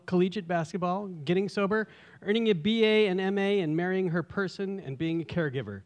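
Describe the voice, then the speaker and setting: Male emcee with a high voice. Upbeat introductions. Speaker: host. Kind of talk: introducing a storyteller on stage.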